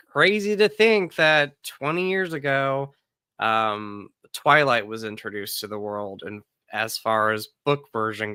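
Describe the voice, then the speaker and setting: Chatty guy hosting a live podcast, crisp clear voice, keeps hyping the viewers. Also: on the low side, bright, forceful tone, dry recording. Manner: upbeat, chatty, talks straight to viewers. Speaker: podcast host. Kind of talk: casual live-stream podcast chat.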